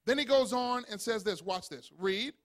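A pastor preaching a sermon, calling on the congregation to respond and building up to shouted points. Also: male voice, sits high, moderate pace.

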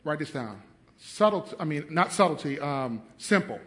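A middle-aged male pastor preaching with great animation. His voice sits high and swings widely in pitch, with a bright, forceful edge. He acts out little scenes in different voices and laughs often. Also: big pitch swings, moderate pace. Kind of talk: sermon.

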